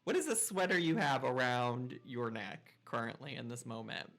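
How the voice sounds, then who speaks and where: A man's voice: medium pitch, very animated, moderate pace, creaky, a bit bright. Sassy male gaming host. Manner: playful, sassy, exclamatory. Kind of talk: reading and reacting to a dating game.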